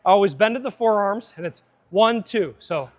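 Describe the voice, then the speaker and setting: A man's voice: high-pitched, lively intonation, normal speed, a little hiss or hum. A man coaching a live fitness seminar, upbeat and chatty, drifting into side tangents.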